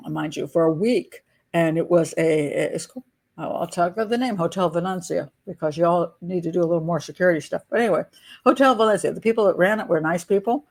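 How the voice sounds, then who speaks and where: A woman's voice: fairly low pitch, a little mellow. An older American woman chatting and telling stories as an advice vlogger, laughing often and restarting her sentences. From United States. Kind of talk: casual storytelling.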